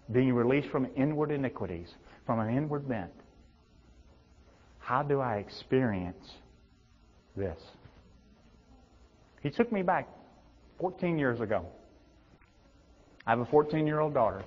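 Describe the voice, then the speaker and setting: A man's voice: expressive, normal speed, long pauses. Man preaching in a reverberant hall. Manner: swings between loud emphatic peaks and hushed low tones. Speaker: pastor. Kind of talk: sermon. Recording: dull reverberant hall sound.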